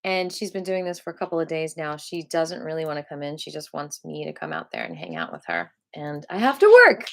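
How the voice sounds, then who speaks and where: Woman w a lowish voice walking a live qigong class thru it from home, slow and soothing. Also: big pitch swings. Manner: slow, soothing, reflective guidance. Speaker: qigong teacher.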